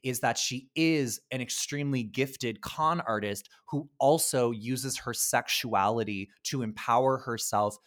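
A man co-hosting a podcast in casual chat, chatty and animated, laughing often and filling pauses with um and uh. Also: mid-range voice. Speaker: podcast co-host.

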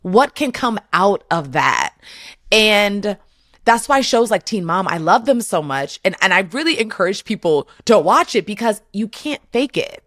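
A woman host in heartfelt conversation, earnest and openly emotional and often circling back on her words. Her voice sits at a middle pitch. It is recorded dry and close, with no room sound. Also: big pitch swings, a little slow, fairly bright tone, dry recording. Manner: earnest and emotional, full of restarts.

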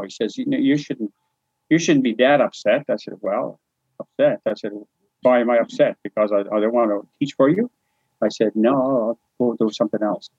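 This medium-pitched, slightly breathy voice belongs to a man from New Brunswick, Canada, telling his life story in an interview. He's an animated storyteller who voices the dialogue himself and laughs frequently, all in a casual memoir manner. The sound is dry, a little muffled, and echo-free.

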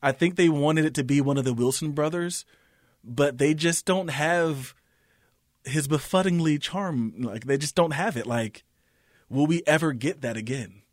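A man's voice: fairly high pitch, moderate pace, dry recording, clean studio sound. A man co-hosting a podcast in casual chat, opinionated and laughing between remarks. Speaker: podcast co-host.

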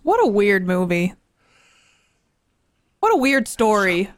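A woman's voice: medium pitch, sing-song, slow pace, no echo, studio quality. A woman giving casual reaction commentary on a film, wry, chatty and frankly critical. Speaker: movie reaction vlogger. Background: faint film music.

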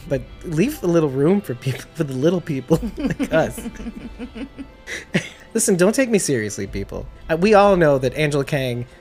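A woman's voice: low-pitched, big pitch swings, moderate pace, a little mellow, soft background music. A woman co-hosting a casual podcast, recapping a TV episode with jokey asides and frequent laughs. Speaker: podcast co-host.

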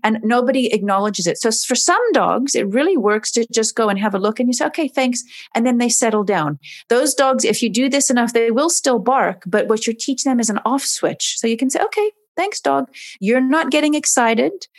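A woman's voice: fairly high pitch, a little fast, few pauses. A woman, a dog behavior expert, explaining in an interview and acting out dogs and owners in voices.

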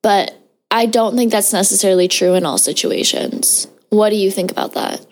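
A woman's voice: medium pitch, normal speed, slight background noise. Woman, mid-range voice, casual podcast co-host who asks questions loosely. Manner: casual, filler-heavy questioning. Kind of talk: casual chat.

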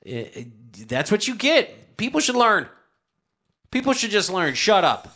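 Loud crude excitable man. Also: sits high, measured pace. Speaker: podcast co-host. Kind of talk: casual chat.

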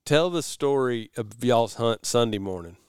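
A man's voice: mid-range voice, expressive, unhurried, darkish tone, clear, resonant tone, dry recording, clean studio sound. A man hosting a casual talk, adding short affirmations and prompting his guest. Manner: brief affirming interjections. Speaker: podcast host. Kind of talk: casual chat.

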